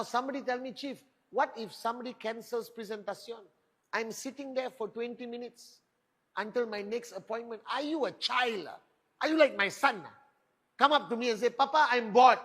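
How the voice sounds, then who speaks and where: A man's voice: very high-pitched, a bit bright. A middle-aged man giving a motivational stage talk, firing rhetorical questions and boasting. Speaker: motivational speaker at a network marketing event.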